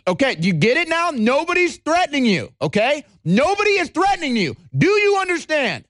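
A man's voice: huge pitch swings, a little fast, fairly bright tone, dry recording, clean studio sound, exaggerated voice. A man voicing a condescending male bully who talks with mob-boss menace, repeating himself in a patronizing way. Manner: repetitive, patronizing, swooping pitch.

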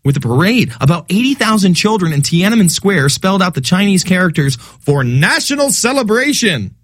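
A man hosting a talk radio show, delivering an animated, sarcastic monologue. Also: high-pitched, brisk, dry recording, studio quality. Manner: animated, sarcastic, mocking quoted voices.

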